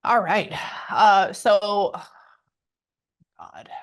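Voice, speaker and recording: Chatty woman medium, halting and casual. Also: mid-range voice, expressive. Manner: chatty, halting, trailing off and cursing. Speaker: spiritual medium. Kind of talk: casual reading session.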